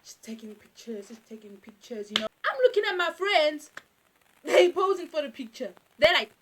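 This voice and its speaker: A young South African woman telling a casual storytime, animated and repeating phrases for emphasis. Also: very high voice, a little fast. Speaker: YouTuber.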